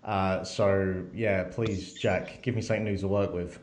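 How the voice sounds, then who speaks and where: Excitable podcast co-host, a man with a lower voice in a roomy space. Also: a little slow. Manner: excitable, swearing, animated. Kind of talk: casual chat.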